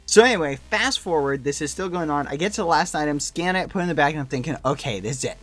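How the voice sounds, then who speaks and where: A man casually telling a story to friends, animated and full of "like" and "you know" fillers. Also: a little high, fast talker, soft background music.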